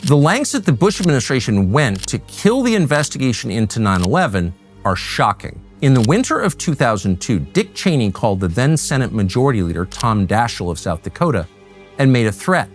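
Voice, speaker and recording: A man giving scripted documentary narration in a measured, pointed delivery. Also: medium pitch, very animated, faint music behind.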